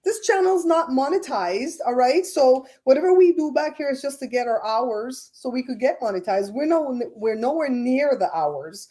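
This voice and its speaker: A woman's voice: sits high, moderate pace, hardly any pauses. Chatty middle-aged woman hosting a livestream. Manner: chatty, animated gossip with frequent laughs. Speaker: livestream host. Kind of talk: casual livestream chat.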